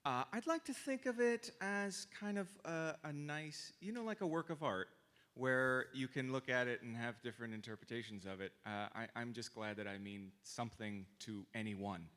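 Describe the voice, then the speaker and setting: A man's voice: mid-range voice, moderate pace, fairly bright tone. Hesitant man answering fan questions on stage. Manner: hesitant, full of ums, laughing self-deprecation. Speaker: actor guest on a fan panel. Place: convention stage.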